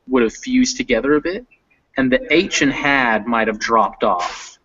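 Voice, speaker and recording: A man's voice: medium pitch, animated, normal speed, a bit bright, slight background noise. A man tutoring English pronunciation online, explaining patiently step by step. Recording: muffled lo-fi audio.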